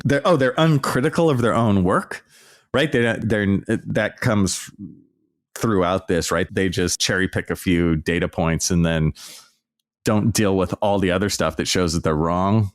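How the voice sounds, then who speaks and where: Podcast host, male, lowish voice, sarcastic and exasperated casual rant. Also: moderate pace.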